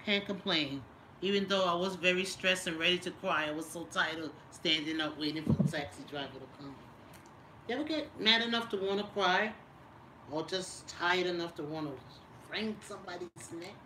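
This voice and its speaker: A woman's voice: lowish voice, moderate pace. Chatty woman vlogger, noisy background. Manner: chatty, teasing, reads viewer comments aloud. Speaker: lifestyle vlogger doing a live stream. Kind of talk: casual live-stream chat.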